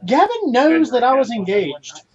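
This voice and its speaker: A podcast co-host trades dry one-line quips in casual chat. His voice is high and swings widely in pitch. The sound comes through a dull, lo-fi recording. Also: wildly swooping pitch, unhurried, darkish tone.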